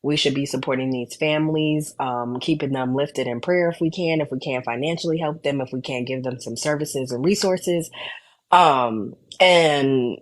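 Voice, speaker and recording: A woman's voice: very deep voice, moderate pace. A woman hosting a live stream in a casual, rambling and blunt way, a little out of breath, talking into a headphone mic. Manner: rambling, blunt, many fillers. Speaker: host of a live show.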